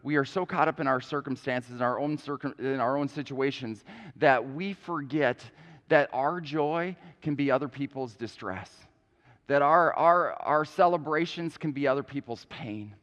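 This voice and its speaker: A man's voice: mid-range voice, normal speed, fairly bright tone. A man preaching a sermon as a pastor, earnest, often repeating words as he starts a phrase, with an Upper Midwest American accent. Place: church sanctuary. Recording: long church hall reverb.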